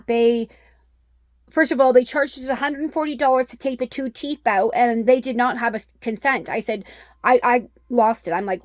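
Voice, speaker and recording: A woman's voice: fairly high pitch, no echo, clean studio sound. A middle-aged woman telling an upsetting personal story in a vlog, rambling with many ums. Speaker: vlogger.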